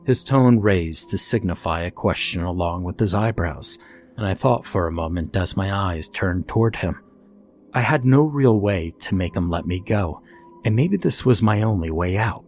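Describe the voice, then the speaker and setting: Man calmly reading a scary story, lowish voice, soft music under it. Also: normal speed. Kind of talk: scripted horror narration.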